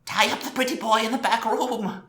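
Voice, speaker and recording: A cowering little bird creature, as a game master puts it on, parroting voices it has overheard in a thin, nasal squeak pitched well above a man's speaking range. The voice carries a roomy echo, as if recorded at a home table. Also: fairly even intonation, fairly quick, sharp tone. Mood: frightened mimicry.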